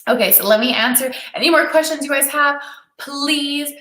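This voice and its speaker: A woman's voice: sits high, moderate pace, bright, forceful tone. A young adult woman coaching on dating during a live-stream Q&A, enthusiastic and encouraging as she reads viewer comments aloud. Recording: echoey room.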